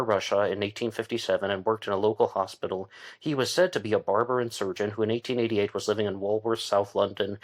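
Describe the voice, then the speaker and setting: Man, podcast host, casual true-crime chat, fairly low voice, loose and thinking aloud. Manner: conversational, thinking aloud with fillers and restarts.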